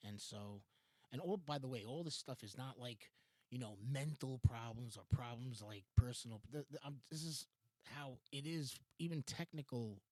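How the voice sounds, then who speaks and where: Speaking at a moderate pace in a slightly mellow, mid-range voice with no room sound, this Los Angeles-accented man hosts a solo talk show at his home computer. He rambles and meanders, interrupts himself, laughs often, and swears casually.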